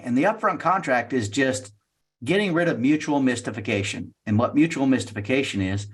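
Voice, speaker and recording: A middle-aged man giving a sales training talk, energetic and teaching, acting out client questions in a raised voice. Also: mid-range voice, slightly rough. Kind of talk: talk at a networking meeting.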